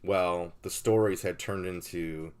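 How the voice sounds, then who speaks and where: A man's voice: deep voice, fairly even intonation, a little slow, darkish tone, clean tone. A man hosting a card-break stream in casual chat, with dry, teasing banter.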